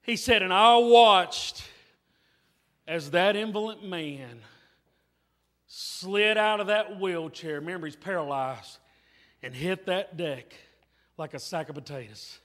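A preacher delivers an emphatic, repetitive revival sermon in a very high, bright, forceful voice. His words ring out with the long reverb of a church hall, and soft music plays faintly underneath. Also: slow pace, long pauses. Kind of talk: revival sermon with altar call. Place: church sanctuary.

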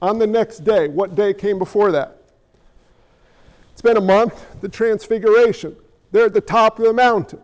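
A man's voice: sits high, normal speed, dull audio. A man preaching a sermon as pastor, talking conversationally and playfully while questioning his congregation.

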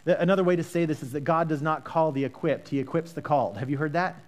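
High-voiced man preaching a sermon. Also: fast. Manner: earnest, animated, repeats words when starting sentences. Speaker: pastor.

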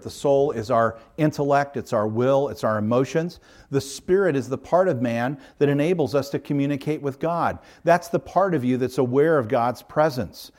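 A man's voice: medium pitch, darkish tone. A middle-aged man, a pastor, preaching a sermon in an earnest, emphatic way, stacking up repeated parallel phrases.

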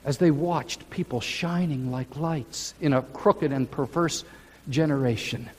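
A male pastor delivers a sermon in a slightly higher-pitched voice, pacing his words slowly and leaning hard on key phrases. His voice rings out through a church sanctuary with a long, lingering reverb. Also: a little mellow, slightly rough. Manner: slow, emphatic preaching with drawn-out phrases.

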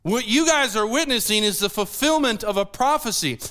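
A man's voice: high-pitched, moderate pace. A man preaching a sermon, explaining scripture and putting questions to the congregation. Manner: animated, asks the audience questions.

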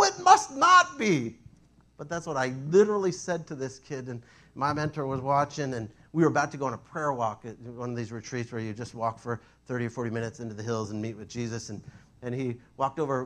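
A man preaching a sermon, telling stories in an animated, self-mocking way. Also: mid-range voice.

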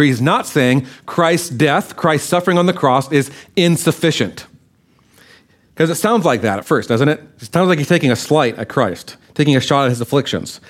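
A man preaching a Bible-study sermon in a conversational way, often checking in with his listeners. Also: medium pitch. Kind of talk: sermon-style Bible teaching.

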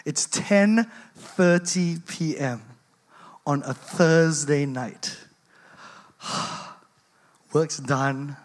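A speaker giving a storytelling talk to parents, animated and laughing through the story. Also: medium pitch.

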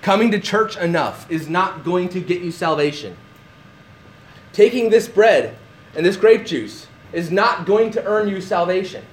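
A man's voice: sits high, expressive, a little slow. A man preaching a sermon, emphatic and repeating words for stress. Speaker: pastor.

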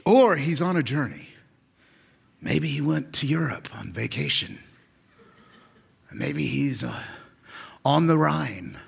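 A husky-voiced man in his forties delivering a sermon, his pitch leaping high and dropping low with lively sweep. He is a pastor who jumps between loud, excited bursts and near-whispers, and his voice sits a little higher than most men's. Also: takes it slowly, pauses often. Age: 40s. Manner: animated, swings from shouting to hushed whispers.

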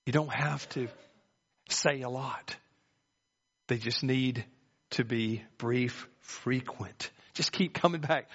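A pastor preaching a sermon, telling folksy stories with sweeping pitch. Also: male voice, slow, a bit bright, slightly rough. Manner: folksy storytelling with dramatic pitch swings. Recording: muffled lo-fi recording.

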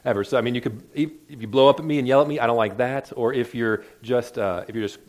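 A man's voice: medium pitch, quick pace, a little mellow. A man preaching a sermon in an earnest, conversational way, often restarting his words. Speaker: pastor.

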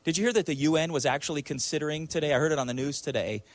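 A man's voice: a little high, rapid-fire, dry recording. A male preacher delivering a sermon emphatically, with frequent rhetorical questions and repeated words.

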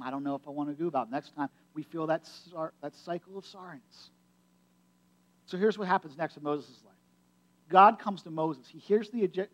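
A pastor with a notably high-pitched male voice delivers a sermon. He talks to the congregation in a casual, conversational way and drives his points home by repeating key phrases. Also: a bit bright. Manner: conversational, emphatic preaching with repetition.

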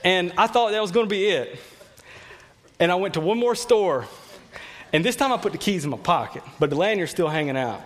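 A man's voice: high-pitched, lively intonation, fairly quick, fairly bright tone. A man preaching a sermon, telling personal stories in a conversational way and often repeating words.

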